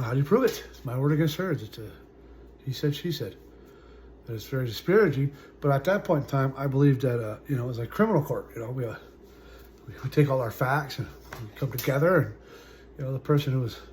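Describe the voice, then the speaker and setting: A man in his forties speaks to his viewers at a mid-range pitch, in a halting, searching way. He leans on "uh" and "you know" and often lets the ends of his sentences fade away. There is a faint hiss behind him. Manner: halting, full of "uh" and "you know", trailing off softly. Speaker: vlogger. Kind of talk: personal storytelling to camera.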